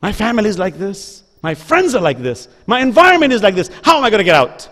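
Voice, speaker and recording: A lost, despairing young man, put on by a preacher in mid-sermon, asking hesitant and hopeless questions. The pitch sits fairly high for a man. A long hall reverb trails after every phrase. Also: very animated, fast talker, a bit bright, full character voice.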